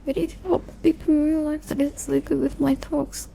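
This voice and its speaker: A young woman soft-speaking for an ASMR video, rambling in a relaxed way, losing her focus and mocking herself, sometimes dropping into a whisper. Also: sits high, fairly quick, vocal fry, slight background noise. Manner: rambling and self-deprecating, loses focus; soft-spoken with bits of whisper. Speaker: ASMR creator. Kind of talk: soft-spoken ASMR chat.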